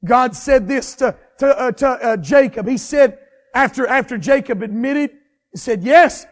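A man preaching a sermon with fervent, repetitive cadences that swell into shouts. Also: very high-pitched, moderate pace, long reverb tail.

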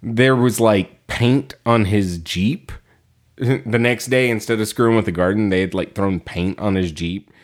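A man co-hosting a podcast recaps a story in casual chat, rambling with many fillers, laughing and acting out quotes. His voice is on the low side, at a measured pace.

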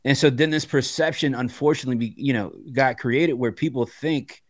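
A man on a debate panel talking casually, often checking in with a quick "right?". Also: mid-range voice, no room sound. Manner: conversational, keeps asking "right?".

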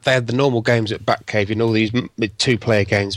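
A man co-hosting a podcast, telling an excited, halting story in casual chat. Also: fairly low pitch, no echo. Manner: enthusiastic, hesitant storyteller with many restarts. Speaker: podcast co-host.

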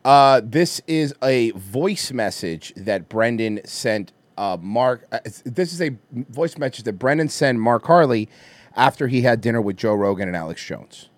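A man's voice: mid-range voice, animated, measured pace, no echo. A man hosting a podcast, giving his opinions in a casual, wry way with many restarts. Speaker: podcast host. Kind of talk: casual commentary chat.

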